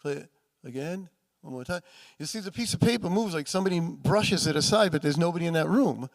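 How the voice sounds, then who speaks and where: A man's voice: fairly high pitch, animated, fairly quick, gravelly. A man telling ghost stories to a live audience, chatty and acting out quoted voices. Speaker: paranormal author and speaker. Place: festival room with audience.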